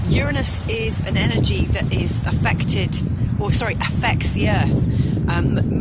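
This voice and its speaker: A woman with a somewhat low voice hosts a relaxed astrology talk, recorded outside in nature with faint ambient sound behind her. She speaks in a chatty, apologetic way and often pauses on "um" while she gathers her thoughts. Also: a little hiss or hum. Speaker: astrologer host. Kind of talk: casual solo talk. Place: outdoors in nature.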